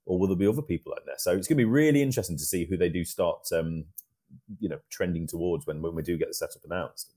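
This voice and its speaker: A man's voice: low voice, fast talker, warm tone. A man co-hosting a cricket podcast, reflecting in casual chat and drawing on his own playing experience. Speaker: podcast co-host.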